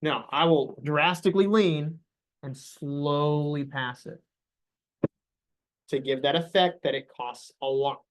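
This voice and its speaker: A man's voice: on the high side, takes it slowly. A young man leading a sales staff meeting, coaching the group with upbeat questions.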